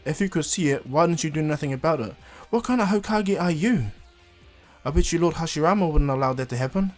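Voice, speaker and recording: A man voicing a brash, fiery young boy ninja who shouts battle cries and brags. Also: medium pitch, brisk, soft background music, close to an everyday voice. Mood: indignant.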